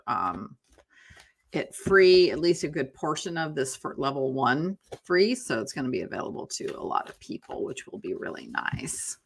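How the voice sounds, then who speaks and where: Bright-voiced woman chatting on a live stream. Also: low-pitched, vocal fry, husky. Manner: chatty, rambling, talks to viewers by name, yawns often. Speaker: tarot reader and live-stream host. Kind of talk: casual chat on a live stream. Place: home office.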